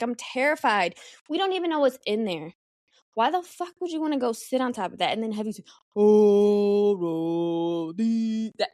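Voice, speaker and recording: A young woman hosting a casual solo podcast, animated and slangy, swearing freely as she talks. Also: a little high, no echo, studio quality. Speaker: podcast host.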